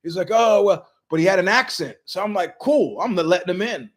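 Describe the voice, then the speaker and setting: A man hosts his own show in a rambling, storytelling monologue from his living room. His voice sits a little higher than most men's. He slips into the voices of the people he quotes. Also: expressive, fairly quick. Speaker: show host.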